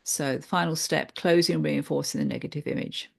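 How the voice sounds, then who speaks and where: A woman therapist explaining a therapy technique through examples, in a measured, hesitant way with many fillers. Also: deep voice, vocal fry, breathy edge.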